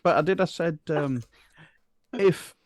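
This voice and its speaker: A man's voice: medium pitch, unhurried, no room sound. A man with a Bradford accent telling a rambling story in a casual political chat, chuckling now and then.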